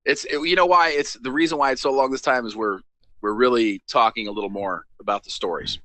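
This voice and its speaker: A man's voice: medium pitch, fairly quick, no room sound. A man co-hosting a casual comedy show, telling game matchups as stories, teasing his partner and moving the show along. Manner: animated storyteller, teasing, moves the show along. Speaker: co-host.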